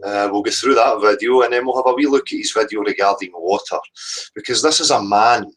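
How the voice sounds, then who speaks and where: A man's voice: on the low side, fairly bright tone, slightly rough, low-quality recording. Sweary man ranting on a stream. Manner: combative, sweary, repeats "right?". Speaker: livestream host. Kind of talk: heated livestream rant.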